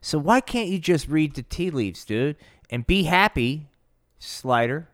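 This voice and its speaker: A man improvising a comedy story on his podcast, rambling and swearing, with slang all through it. His voice sits a bit high, and the sound is dry and close to the mic. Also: expressive, measured pace, no echo. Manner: profane, rambling, full of slang. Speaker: podcast host.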